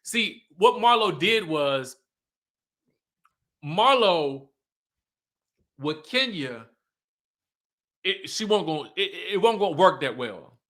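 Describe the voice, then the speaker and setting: A man hosting a livestream recap of a reality show, sassy and animated, laughing often and talking straight to his viewers. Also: high-pitched, slow pace, long pauses. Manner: talks straight to viewers, reads their comments aloud.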